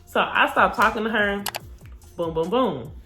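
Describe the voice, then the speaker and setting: Blunt, animated young woman telling a story. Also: medium pitch, measured pace, soft background music. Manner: animated, blunt, cursing freely, acts out quotes. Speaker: storytime vlogger. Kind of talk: casual storytelling.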